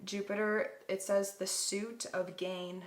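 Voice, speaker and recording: A woman's voice: mid-range voice, flat delivery, slow. A young woman giving a pick-a-card tarot reading to viewers, emotional and effusive, often exclaiming over the cards. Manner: gushing, emotional, addresses viewers as guys.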